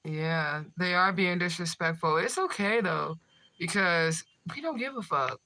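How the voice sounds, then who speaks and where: A woman's voice: on the low side, lively intonation, unhurried, pushed and bright. A woman chatting casually with viewers on a livestream, brash and profane, laughing often as she trash-talks trolls. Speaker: spiritual medium livestreamer.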